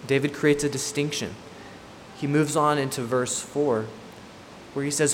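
A man's voice: medium pitch, steady tone, a little slow. Male preacher, emphatic and repetitive, long hall reverb with faint room hiss. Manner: emphatic, repeats key points. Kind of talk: expository sermon.

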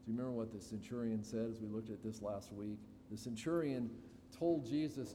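A man preaching an expository sermon to his congregation, slow and deliberate with dramatic pauses. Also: fairly low pitch, warm tone. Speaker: pastor. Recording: reverberant hall, faint room noise.

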